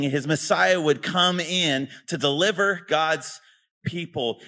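Bright-voiced casual male preacher. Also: high-pitched. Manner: casual, asks rhetorical questions. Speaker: pastor. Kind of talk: conversational sermon.

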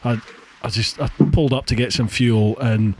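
A man with a Scottish accent hosting a podcast, telling stories in a relaxed, chatty way. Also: medium pitch, normal speed, slight background noise. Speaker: podcast host. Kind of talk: casual chat.

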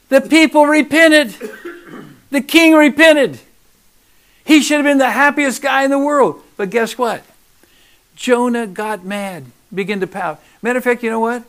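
A man preaching a sermon, emphatic, swinging between loud urging and hushed asides. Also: high-pitched, animated, normal speed, pauses often.

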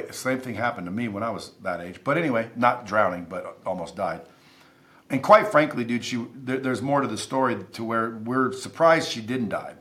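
Man, podcast guest, emphatic, intense, swears a lot, mid-pitched voice. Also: fairly bright tone. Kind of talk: casual interview storytelling.

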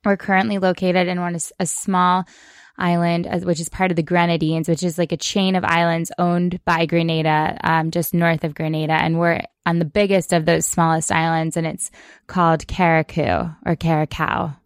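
A woman's voice: fairly low pitch, little pitch movement, moderate pace, clean tone, no echo, studio quality. A woman co-hosting a podcast from a sailboat, chatting frankly and laughing easily, with small restarts. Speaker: podcast co-host. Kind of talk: casual chat. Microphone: podcast mic.

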